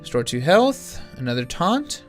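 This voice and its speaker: A man's voice: a little high, very animated, a little slow, faint music behind. A man casually commenting on his card game as he plays, thinking aloud with frequent restarts and filler words, sounding a little tired. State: yawning, tired. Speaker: gaming channel host.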